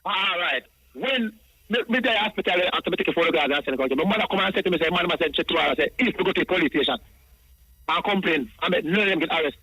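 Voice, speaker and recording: Calling a radio station, a Jamaican man talks rapid-fire in a high, bright, sharp voice with a breathy edge. He wanders in patois and repeats himself over and over, on a rough, dry, close line with no echo.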